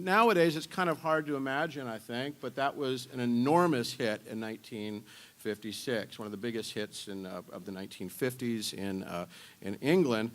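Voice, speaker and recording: A man speaking at a university symposium, explaining music history in a relaxed, conversational way. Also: mid-range voice. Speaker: symposium lecturer.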